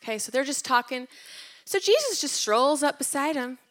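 A woman's voice: high-pitched, animated, moderate pace, a bit bright. A woman retelling Bible stories in a casual devotional talk. She tells them with animation and drops to a whisper at tender moments. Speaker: Bible teacher.

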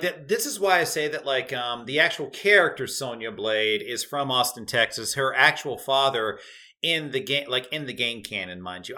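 A man's voice: mid-range voice, sharp tone. A man co-hosting a podcast in casual chat, hesitant and full of restarts. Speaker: podcast co-host.

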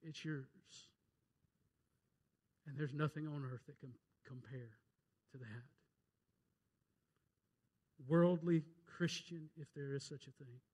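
Man, pastor, fervent sermon, high voice, swings from loud to hushed, quotes scripture, tells jokes. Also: steady tone, slow pace, pauses often, slightly rough, lo-fi sound.

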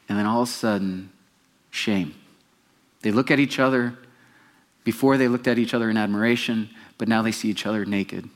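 Man preaching with lively storytelling. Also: fairly low pitch. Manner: animated storytelling, asks congregation questions. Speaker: pastor. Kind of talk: sermon.

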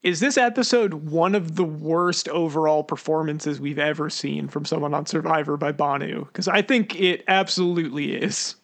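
A man's voice: on the high side, moderate pace, hardly any pauses. A man co-hosting a casual podcast, bantering in a dry, teasing way. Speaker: podcast co-host.

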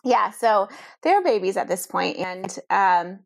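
Lively woman guest telling a story. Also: medium pitch, measured pace, gravelly, no echo, studio quality. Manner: animated, lots of "like" and restarts. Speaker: interview guest. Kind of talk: conversational storytelling.

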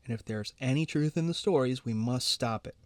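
A man's voice: medium pitch, a little fast, no echo, close to an everyday voice. A man voicing an anxious, brooding teenage boy in a storybook reading, speaking urgently and pleadingly.

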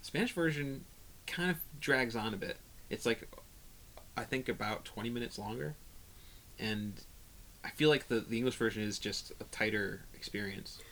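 A man in casual conversation about old films, talking haltingly with many restarts and bursts of animation. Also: mid-range voice, a bit bright, slight background noise. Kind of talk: casual film discussion.

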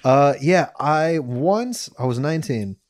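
A man's voice: on the high side, lively intonation, a little slow. A young man co-hosting a podcast, telling a story in casual chat, laughing and mocking himself. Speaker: podcast co-host.

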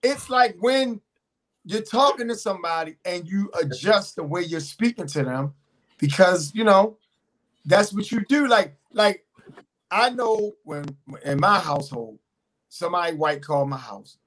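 A man's voice: high-pitched, lively intonation, measured pace, fairly bright tone. A man in a casual group conversation, speaking emphatically and repeating words to hold the floor.

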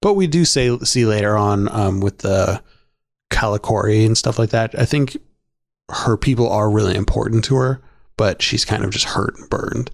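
In a casual podcast discussion, this male co-host is chatty and laughs a lot, leaning heavily on fillers like "like" and "um." He has a lowish, gravelly voice at normal speed, in a dry, studio-quality recording.

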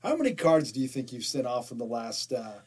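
Co-hosting a podcast, this Utah man speaks briskly in a medium-pitched, sing-song voice that is husky and darkish. The chat is casual, full of jokes, frequent laughter and stammered restarts.

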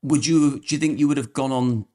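A man's voice: mid-range voice, brisk, dark tone. A man hosting an interview, asking probing, empathetic questions in a casual tone.

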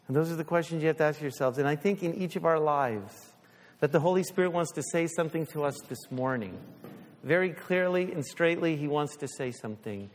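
A man preaching a sermon as pastor, animated, slipping into little voices, then easing into a quiet prayer. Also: on the high side. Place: church sanctuary. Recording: long church reverb.

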